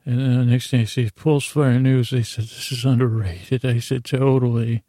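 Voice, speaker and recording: A man hosting a podcast, telling a rambling bedtime story in a low-key, drowsy, meandering way. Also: steady tone, moderate pace, warm tone, no room sound. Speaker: podcast host.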